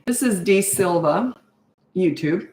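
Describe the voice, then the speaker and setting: A woman's voice: lowish voice, lively intonation, slow, darkish tone, roomy sound. A middle-aged woman coaching parents in a live Q&A, giving blunt, no-nonsense advice with rhetorical questions. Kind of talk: live Q&A, answering viewer questions.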